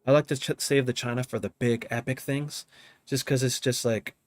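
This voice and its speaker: A laid-back music producer runs a casual live drum-programming tutorial from his home studio, talking at a moderate pace in a mid-range voice. He's relaxed, thinks aloud and frequently checks in with "you know what I mean?", and the recording is dry.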